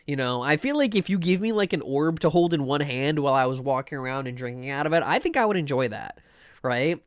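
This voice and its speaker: A man's voice: fairly high pitch, lively intonation, fairly quick, no room sound, clean studio sound. A man streaming live, chatting casually with viewers in a rambling way, full of fillers and restarts. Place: home room.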